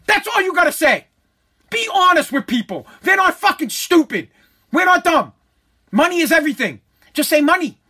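A man's voice: very high-pitched, very animated, normal speed, sharp tone. Heated man on a profane rant. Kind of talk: angry rant.

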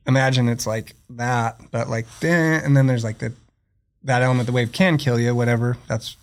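A man's voice: mid-range voice, level tone, a little fast. A man who surfs and makes films, talking as a podcast guest in a loose, rambling way, full of fillers and restarts. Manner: rambling, searching for words, many fillers. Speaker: podcast guest, surfer and filmmaker. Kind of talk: casual podcast conversation.

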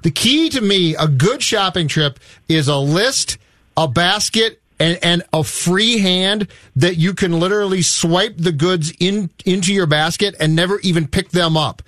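A man's voice: high-pitched, unhurried, fairly bright tone, no echo, clean studio sound. A man on a radio show telling a story in a blunt, emphatic, casual way.

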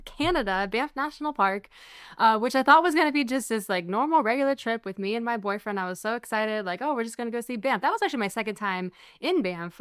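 Young woman gushing on a podcast, smooth clear voice, dry mic. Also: on the high side, no room sound. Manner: excited, bubbly storytelling. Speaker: podcast co-host. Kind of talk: casual chat.

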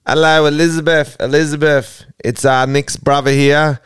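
A man doing a foul-mouthed English bloke who rambles, swears and fumbles for words in a raised, lively voice. He sounds clear and smooth, close and dry. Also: a little high, normal speed, no echo, pitched above the performer's own voice, close to an everyday voice. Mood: crude, rambling. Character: crude rambling English man, a brother giving bad news. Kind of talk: improvised comic voicemail bit.

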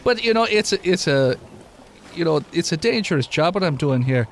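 A man's voice: on the high side, animated, normal speed, voice pushed up. An ancient, scheming man with a put-on Irish lilt spins a long, rambling tale in a folksy way, voiced by a man. His voice sits well above the performer's own and rises at times, with a faint hiss of noise behind it. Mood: scheming, boastful. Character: ancient world-weary man who tricked the devil.

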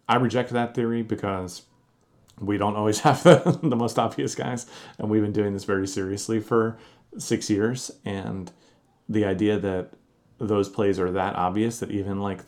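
Man, podcast co-host, lowish voice, measured explanations, casual chat. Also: a little mellow. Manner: measured, explanatory, thinks aloud with fillers.

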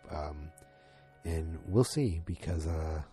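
A man casually recapping a TV episode. He rambles excitedly and acts out the lines he quotes. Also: a bass voice, takes it slowly, soft background music.

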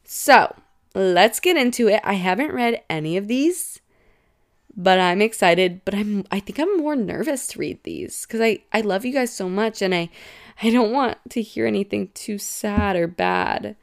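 A woman's voice: mid-range voice, lively intonation, a little slow, vocal fry. Chatty young woman podcast host. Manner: gossipy, reactive, lots of "like".

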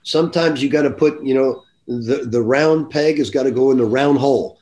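An older man speaks as a guest on a podcast, telling his stories in an earnest, reflective way. His voice sits at an ordinary middle pitch. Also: moderate pace, darkish tone. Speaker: basketball coach, guest. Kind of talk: podcast interview.

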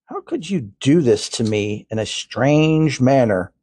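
A man's voice: medium pitch, expressive, a little slow, warm tone, breathy edge, no room sound, clean studio sound. A man reading the quoted words of a distressed elderly woman nun in a lightly raised voice. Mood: pleading.

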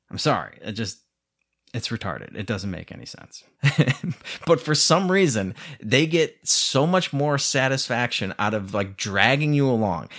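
A man's voice: medium pitch, fairly bright tone. A man ranting in a casual monologue, sarcastic and profane, often venting in frustration.

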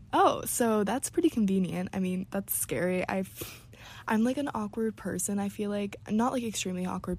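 A woman's voice: medium pitch, a little mellow. A young woman vlogging in a casual, chatty way, reading out viewers' embarrassing stories and reacting with frequent "like"s and giggles. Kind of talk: casual chat.

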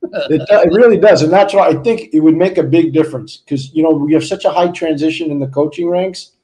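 A man's voice: on the high side, brisk, warm tone, rough recording. A man co-hosting a podcast, stating his opinions earnestly and with emphasis. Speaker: podcast host. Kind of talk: casual chat.

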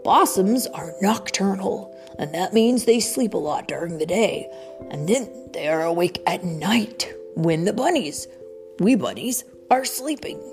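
A woman voicing a calm, wise father rabbit explaining gently in a bedtime storybook reading. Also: medium pitch, unhurried, soft background music. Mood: gentle.

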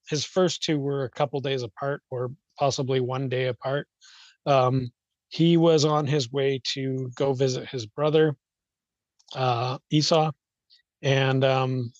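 A man's voice: medium pitch, no echo, muffled recording. A man explaining at length in loose, unscripted talk, hesitant and rambling, with many fillers and restarts. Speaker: guest.

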